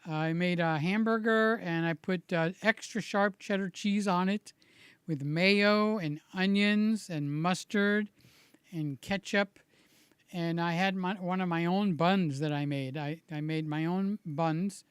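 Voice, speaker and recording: Slow, rambling man, slightly hoarse. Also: sits high, dry recording. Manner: slow, rambling and friendly, greets viewers by name. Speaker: vlogger chatting with live viewers. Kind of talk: casual live-stream chat.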